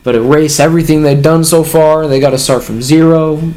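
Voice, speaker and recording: A man's voice: a little high, steady tone, a little fast, a little mellow. A man casually reading a comic chapter aloud and reacting, sighing and chuckling between remarks.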